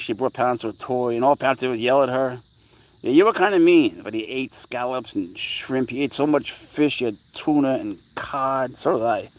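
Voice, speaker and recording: A man's voice: mid-range voice, a little hiss or hum, poor audio. A man chatting casually on a live pet stream, rambling about his cat and answering viewers, his voice rising into baby-talk when he speaks to the cat.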